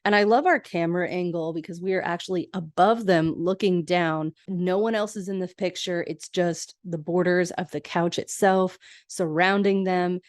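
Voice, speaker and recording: A woman's voice: steady tone, moderate pace, few pauses, dry recording, clean studio sound. Chatty woman recapping a show. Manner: chatty, laughs often, quotes lines in a higher voice. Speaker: podcast host. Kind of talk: casual episode recap.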